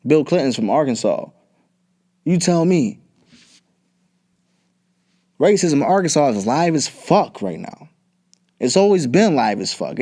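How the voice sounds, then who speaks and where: A man's voice: high voice, a little mellow. A young man hosting a podcast, ranting bluntly and profanely in casual talk. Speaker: podcast host. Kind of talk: casual political rant.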